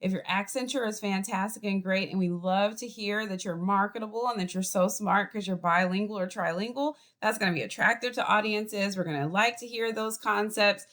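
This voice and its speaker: A college professor with a Boston accent teaches a class over a video call. She explains things in a lively, chatty way and speaks at an ordinary pitch for a woman. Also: a little fast, few pauses. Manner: lively, chatty teaching with acted example voices. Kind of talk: online class lecture.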